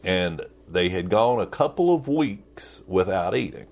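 A man preaching a sermon as pastor, playful and repeating key phrases slowly for emphasis. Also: low voice, lively intonation.

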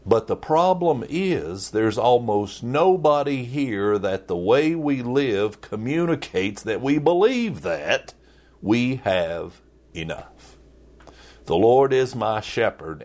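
A man preaching a sermon as pastor, playful and repeating key phrases slowly for emphasis. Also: on the low side, darkish tone.

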